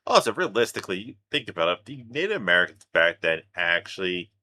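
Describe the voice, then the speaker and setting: A man's voice: low voice, very animated, fast talker, sharp tone, a little hiss or hum. A man hosting a reaction video, cracking jokes and swearing offhandedly in casual commentary.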